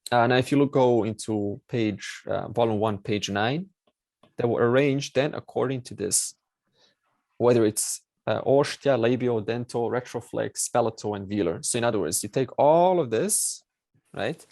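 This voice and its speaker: A man's voice: medium pitch, normal speed, darkish tone, no room sound. A man teaching a Sanskrit class online, explaining step by step and repeating key words with many fillers.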